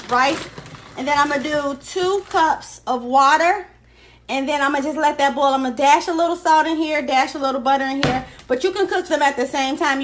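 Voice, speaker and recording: A woman hosting a casual home cooking lesson, chatting through each step in a relaxed way. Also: high-pitched, a little hiss or hum. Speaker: cooking show host. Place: home kitchen.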